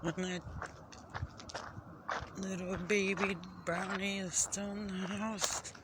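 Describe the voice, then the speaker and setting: A shivering speaker stands outdoors at night, pleading for a chained dog to be rescued and mixing swearing with soft, comforting words. The voice stays low and flat with little pitch movement, and it is spoken slowly. The phone recording is noisy, with wind and a dog barking behind. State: shivering from the cold. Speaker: concerned neighbor filming a chained dog. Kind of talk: distressed handheld night vlog. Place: outdoors at night in freezing cold. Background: wind noise and a dog barking.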